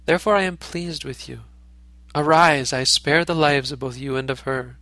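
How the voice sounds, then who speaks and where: A man's voice: fairly high pitch, normal speed, sharp tone, no echo. A man voicing a kindly human king in a storybook reading, in an earnest, declaring manner. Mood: moved.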